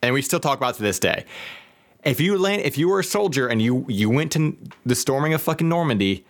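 A man's voice: medium pitch, animated, fast. A man in casual chat, ranting in exasperation with constant swearing.

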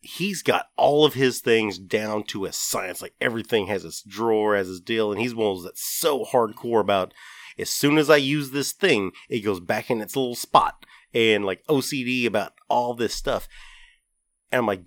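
A man's voice: on the low side, moderate pace, no room sound. A man co-hosting a podcast in casual chat, rambling and self-deprecating, often restarting his sentences. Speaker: podcast co-host.

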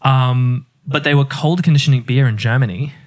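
A chatty man talks through beer history on a casual podcast. His voice sits in a middle pitch. He laughs often and drops the odd swear word. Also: moderate pace. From Ireland. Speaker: podcast co-host.

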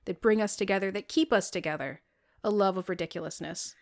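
A woman co-hosting a casual podcast chat, retelling scenes in a lively, animated way. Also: medium pitch, brisk. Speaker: podcast co-host.

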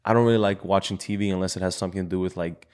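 A young man with a very deep voice who talks quickly. He hosts a casual chat in loose, slangy speech, tossing in "bro" and "yo". His delivery is easygoing and conversational. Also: fairly even intonation, darkish tone. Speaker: host asking quick questions.

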